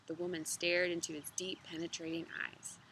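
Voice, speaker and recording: Relaxed woman reading a kids' book aloud. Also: lowish voice, normal speed, slight background noise. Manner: relaxed, chatty with fillers between reading. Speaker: storybook reader. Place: outdoors in a yard with dogs.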